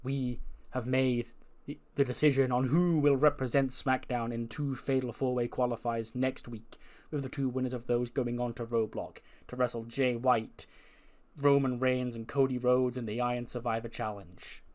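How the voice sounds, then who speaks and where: Guy doing a wrestling gm announcing matches, measured, normal pitch. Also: flat delivery, a little mellow, natural voice. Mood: formal. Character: male wrestling general manager announcing matches.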